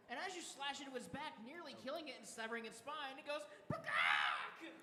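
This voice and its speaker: A man's voice: very high voice, quick pace, bright, forceful tone. A man narrating a tabletop game as dungeon master, laughing often as he describes the action, recorded in an echoey hall. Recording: echoey hall with live crowd.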